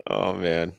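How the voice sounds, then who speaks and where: A man's voice: deep voice, vocal fry, a bit bright, no room sound, clean studio sound. A man co-hosting a podcast in loose, profane casual chat, laughing often. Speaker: podcast co-host.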